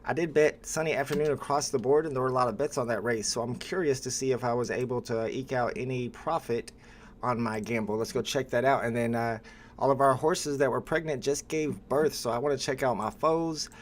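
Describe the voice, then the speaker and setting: A man hosting a live stream, chatting casually with viewers and pausing often with "uh" as he talks. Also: medium pitch, slight background noise. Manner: relaxed, chatty, with frequent "uh" pauses.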